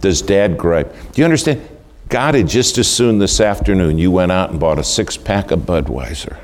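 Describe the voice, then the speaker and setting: A man's voice: sits low, expressive, normal speed, darkish tone. A man preaching a sermon, telling folksy stories and asking the audience questions.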